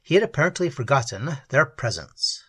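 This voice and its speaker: Male audiobook narrator, measured storytelling, slightly husky, animated delivery. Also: medium pitch, no echo.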